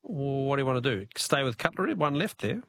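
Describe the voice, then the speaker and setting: Chatty Australian radio host. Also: male voice, medium pitch, sing-song, brisk, a bit bright, dry recording, clean studio sound. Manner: chatty, laughs easily, jokes with callers. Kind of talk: talkback radio quiz.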